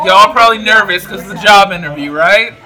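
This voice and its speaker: A man's voice: high-pitched, brisk, over a noisy crowd, lightly acted. A man voicing a huge, laid-back male bugbear who rambles casually with many fillers and says y'all. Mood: friendly. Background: background music.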